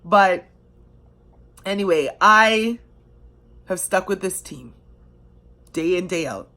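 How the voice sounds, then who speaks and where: A woman's voice: lowish voice, lively intonation, slow pace, sharp tone. Passionate woman telling a fan's story. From Canada. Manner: passionate, emotional, conversational with many fillers. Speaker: sports fan. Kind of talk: personal storytelling to camera.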